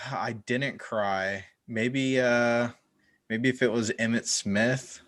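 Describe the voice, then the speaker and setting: A man co-hosting a podcast, relaxed and teasing, with short dry reactions. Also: medium pitch, very slow. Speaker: podcast co-host. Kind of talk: casual chat.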